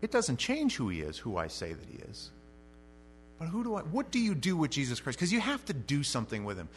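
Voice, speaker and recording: A man's voice: huge pitch swings, fairly quick, a little hiss or hum. Man preaching with emphatic, swinging delivery. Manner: emphatic preaching with sharp swings in loudness and pitch; conversational asides between scripture quotes. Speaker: pastor. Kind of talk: expository sermon.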